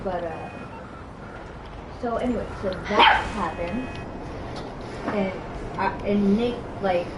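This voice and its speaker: A woman's voice: medium pitch, takes it slowly, long pauses, roomy sound, far from the mic, very noisy. A woman telling a personal story in a casual chat, quoting others as she goes. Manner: animated storytelling, quoting others, laughing often.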